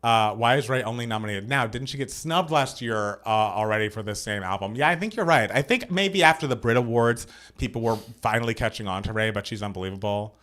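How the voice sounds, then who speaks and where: A young man co-hosting a live stream, gushing and animated as he chats about an awards show. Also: on the low side, brisk, few pauses. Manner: gushing, animated, reads out viewer comments. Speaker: podcast co-host. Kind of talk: excited live-stream chat.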